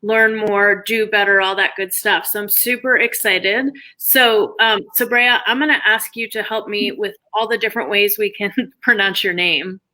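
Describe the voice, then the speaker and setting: Woman host, bright forceful tone, upbeat, on a video call. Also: mid-range voice, steady tone, moderate pace, few pauses, poor audio. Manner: upbeat, enthusiastic, many fillers. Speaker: host, belly dance teacher. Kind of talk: casual video-call interview.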